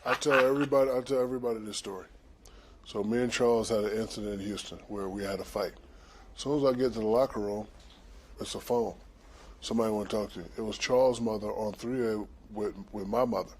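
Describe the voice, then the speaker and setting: A man's voice: lowish voice, quick pace, darkish tone, breathy edge. A man, a studio analyst, telling a story in casual panel chat and acting out the quotes with animation.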